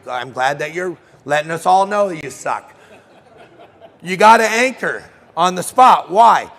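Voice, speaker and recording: Man, middle-aged, seminar speaker, joking, quizzes audience, high gravelly voice, echoing show hall. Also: a bit bright. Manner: joking, teasing the audience, quizzing them by name. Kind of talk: live seminar talk. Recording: long hall reverb.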